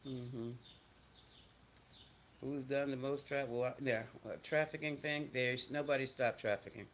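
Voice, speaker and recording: A man's voice: mid-range voice, steady tone, measured pace, a bit bright, a little hiss or hum, poor audio. A middle-aged man hosting a casual livestream, greeting viewers by name and answering chat comments in a blunt, chatty way. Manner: blunt and scolding toward trolls. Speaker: livestream host.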